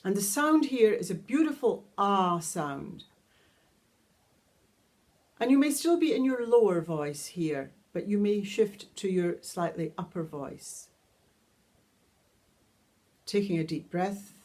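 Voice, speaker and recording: A woman teaching a guided vocal toning lesson, calmly explaining each step and singing long vowel tones. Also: mid-range voice, takes it slowly, long pauses. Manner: calm, instructive, demonstrates sustained vowel tones. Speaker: sound healing teacher.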